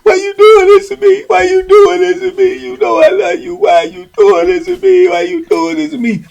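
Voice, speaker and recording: A man's voice: steady tone, normal speed, gravelly, full character voice. A man putting on a sobbing lovesick inmate. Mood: sobbing pleas. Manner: high pleading wail, breaking into shouts. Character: lovesick jealous male inmate, begging and sobbing.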